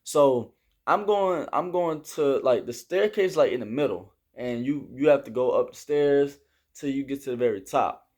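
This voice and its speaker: A man's voice: medium pitch, animated, moderate pace, darkish tone. A young man casually telling a story about army basic training, rambling and leaning heavily on fillers while he gestures through the steps. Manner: explains with hand gestures.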